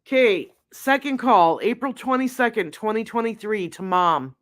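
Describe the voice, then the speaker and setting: A woman's voice: a little high, lively intonation, moderate pace. A woman hosting a live-stream recap of a trial, chatting unhurriedly with her viewers. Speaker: true crime livestream host.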